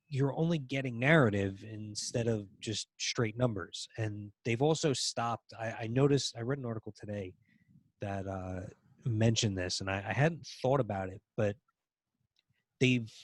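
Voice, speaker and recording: A man with a somewhat low voice talks through his views in a loose, conversational way. He stumbles and restarts often, filling gaps with ums. The sound is dry and close, with no room around it. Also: dry recording. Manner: halting, many restarts and ums. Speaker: podcast co-host. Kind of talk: casual political chat.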